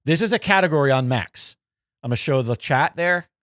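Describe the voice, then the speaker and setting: Male podcast co-host, casual and animated, with a lively, swooping delivery and dry, close sound. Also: fairly high pitch, brisk, no room sound. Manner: animated, swearing, self-mocking asides. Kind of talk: casual chat.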